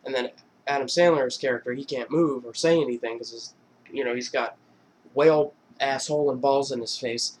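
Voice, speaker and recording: A man's voice: medium pitch, fairly even intonation, normal speed, slight background noise. Man in mid range, loose and rambling, lots of "uh" and laughs. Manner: rambling, full of fillers, laughs between lines. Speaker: YouTube vlogger. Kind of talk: casual retelling of film scenes.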